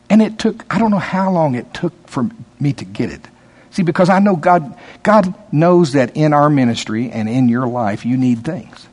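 Chatty male preacher with lively emphasis. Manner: conversational, laughing, teasing asides to the congregation; lively rises in pitch and volume when stressing a point. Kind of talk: sermon.

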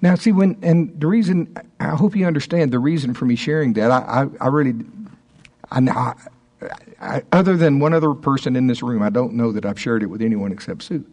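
A man's voice: mid-range voice, darkish tone. A man in his sixties, a minister teaching a small group in an informal talk, often stopping and restarting his sentences. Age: 60s. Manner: halting, stops and restarts often, chuckles between thoughts.

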